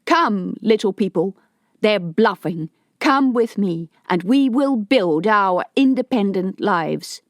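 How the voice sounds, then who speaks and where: A woman's voice: medium pitch, animated, unhurried, dry recording, clean studio sound, natural voice. A woman voicing a rebel leader in an audiobook, giving a defiant, rousing speech to a crowd. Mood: rallying. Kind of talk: audiobook character voice.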